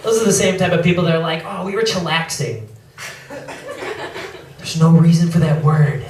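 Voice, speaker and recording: A man's voice: on the high side, steady tone, noisy background. Young male stand-up comic, sheepish and apologetic, heard from a distance in a reverberant room. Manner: self-deprecating, apologetic asides, quick mimicry of others. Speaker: stand-up comedian. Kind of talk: stand-up comedy set. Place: comedy club stage. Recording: echoey club, mic heard from afar, crowd laughter. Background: audience laughing.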